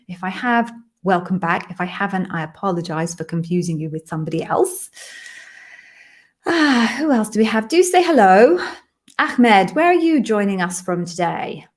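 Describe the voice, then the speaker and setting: A middle-aged woman hosting a live-stream Q&A as an interview coach, chatty and friendly with apologetic asides. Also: medium pitch.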